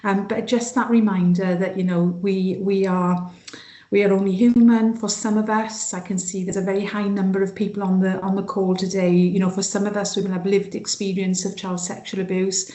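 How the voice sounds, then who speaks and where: A woman's voice: medium pitch, level tone, moderate pace, dark tone, reverberant. A woman with a sing-song Welsh Valleys accent giving an online training talk over a video call, with many fillers and restarts. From Wales.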